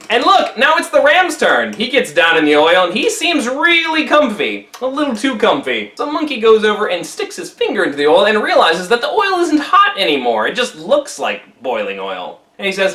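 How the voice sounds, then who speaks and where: A man retells a classic tale in a casual, playful manner. His voice is high and bright, and its pitch swoops constantly. The room adds a noticeable echo. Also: a little fast. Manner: animated and playful. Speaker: storyteller.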